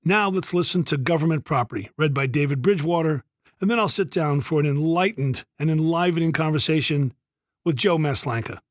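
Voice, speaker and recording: A man's voice: on the high side, brisk, dry recording, studio quality. Upbeat male podcast host. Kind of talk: scripted podcast introduction. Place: Richmond studio.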